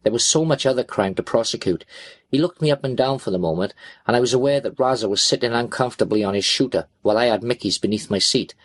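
A man narrates a gritty first-person crime story in a tense, blunt, expletive-laden voice. His pitch sits in a middle range. The recording is close and dry, with no room sound. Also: fast talker, no room sound. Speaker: audiobook narrator.

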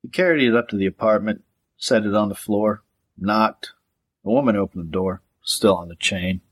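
Low-voiced male audiobook narrator. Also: normal speed.

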